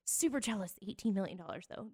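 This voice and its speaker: A woman co-hosting a casual podcast, trading celebrity gossip in a chatty way. Her voice sits at an ordinary middle pitch. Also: lively intonation, quick pace, warm tone, breathy edge. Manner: chatty, gossipy storytelling with bursts of laughter. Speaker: podcast co-host. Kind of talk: casual chat.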